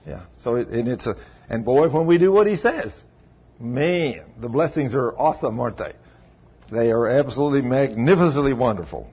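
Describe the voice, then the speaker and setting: A pastor preaches an informal sermon to his congregation in a folksy, rambling way, his medium-pitched voice expressive and breathy-edged at a moderate pace. The sermon recording sounds dull and lo-fi.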